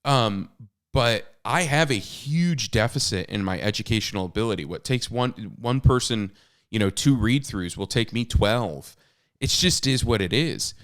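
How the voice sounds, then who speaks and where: A man in his thirties speaks at a normal pace with medium pitch, lively intonation and a smooth, fairly bright tone. As a podcast co-host and author, he tells candid stories that poke fun at himself, with frequent fillers and restarts in relaxed chat.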